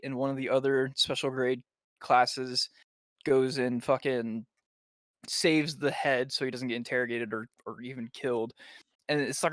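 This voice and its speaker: A young man recaps a show for his podcast co-hosts, swearing freely and tossing in quick character voices as he goes. His voice sits at an ordinary middle pitch, recorded dry and close with no room sound. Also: dry recording. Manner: excitable, profane retelling, voices the characters' lines in passing. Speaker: podcast co-host. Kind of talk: casual anime episode recap.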